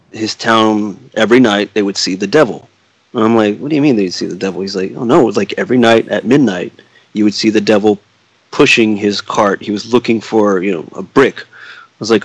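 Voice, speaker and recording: A man's voice: lowish voice, no room sound, rough recording. A man on a podcast casually telling a spooky story, swearing freely and acting out the quoted dialogue.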